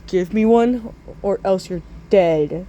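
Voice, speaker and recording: A woman voicing a pushy schoolboy bully who makes flat, blunt demands in a voice close to her own. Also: medium pitch, slow pace, lo-fi sound, lightly acted. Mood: threatening.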